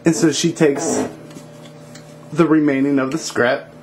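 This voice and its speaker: A man telling a story casually to viewers, relaxed, with fillers like "um" and "like". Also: fairly high pitch, measured pace, slight background noise.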